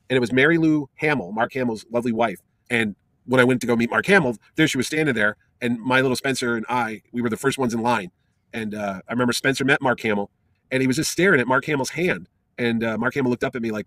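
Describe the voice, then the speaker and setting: A middle-aged man, a comic convention organizer, telling a lively anecdote in an interview with animated delivery. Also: medium pitch, fast talker. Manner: lively, animated storyteller with fillers.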